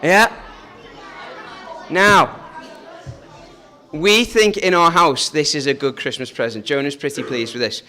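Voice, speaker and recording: A man's voice: fairly high pitch, measured pace, long pauses, pushed and bright, some chatter behind. A man leading a family church service, talking in a chatty, joking way and asking the children questions. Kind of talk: informal family service talk.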